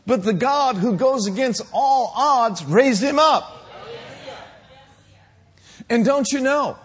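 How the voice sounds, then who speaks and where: A male preacher delivering a fervent, emphatic sermon that builds to shouted climaxes. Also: extremely high pitch, animated, slow, slightly rough.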